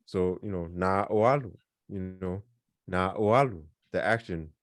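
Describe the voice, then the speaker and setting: A man's voice: low-pitched, measured pace. A man teaching a beginners' language class, explaining casually with lots of fillers and repeated examples. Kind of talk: online class lesson.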